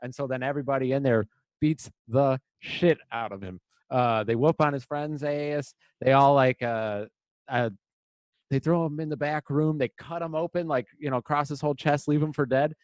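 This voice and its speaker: A man's voice: medium pitch, normal speed, no room sound. A young man co-hosting a casual podcast, rambling through a story and acting out the lines. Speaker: podcast co-host. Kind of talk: casual chat.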